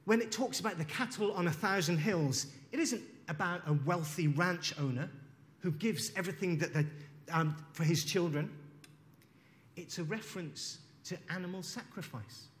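Guy preaching slow and thoughtful, voice a bit high, lots of hall echo. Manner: slow, reflective, reading scripture aloud. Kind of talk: sermon. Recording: long hall reverb.

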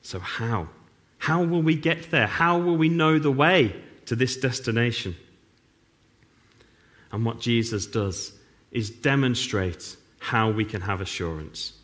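Wry middle-aged preacher. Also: male voice, mid-range voice, a bit bright. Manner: wry, self-mocking humor with sarcastic asides. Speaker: pastor. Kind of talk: sermon.

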